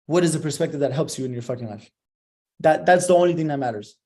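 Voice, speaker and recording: A man's voice: a little high, fast talker, darkish tone. A young man giving a profane, emphatic motivational monologue, swearing constantly.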